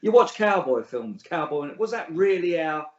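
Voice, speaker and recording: With big pitch swings in a fairly high voice and a moderate pace, a middle-aged Englishman guests on a casual interview. He's blunt, scornful, and full of swearing, laughing at his own stories, in an echoey room with dull lo-fi sound.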